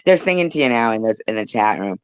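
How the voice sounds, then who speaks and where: A woman hosting a casual live stream, relaxed and chatty, filling her sentences with "like" and "you know" as she relays the chat. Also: a bass voice, quick pace, smooth. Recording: dull, slightly lo-fi sound.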